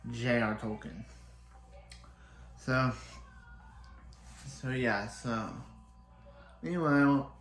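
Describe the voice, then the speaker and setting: A man's voice: mid-range voice, fairly bright tone. Rambling man recapping a show, roomy sound. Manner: rambling, many restarts and fillers. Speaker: TV show reviewer. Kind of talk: casual episode recap. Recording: roomy echo.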